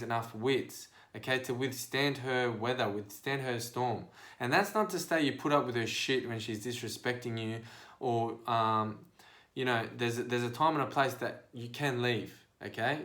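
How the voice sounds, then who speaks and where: A man hosting a podcast, speaking casually and directly to his listeners in a preachy, animated monologue of advice. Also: medium pitch. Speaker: podcast host and life coach.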